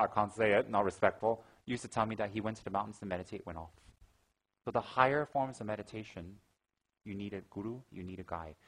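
Fast-talking, lively male Buddhist teacher. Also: on the low side, low-quality recording. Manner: animated storyteller, acts out gasps and quotes. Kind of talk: dharma talk with anecdotes.

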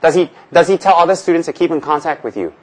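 A man's voice: on the high side, animated, fast, rough recording. Male Buddhist teacher from Tibet, casual humorous talk, asks and answers his own questions. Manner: humorous, rhetorical questions, repeats phrases.

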